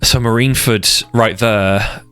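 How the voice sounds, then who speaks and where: A man with a very deep, low voice talks through a casual stream in a passionate, rambling way. He keeps restarting and repeating words as his thoughts run ahead. Soft music plays quietly behind him. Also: fairly even intonation, a little slow, clean tone. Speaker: streamer discussing anime arcs. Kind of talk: casual unscripted commentary.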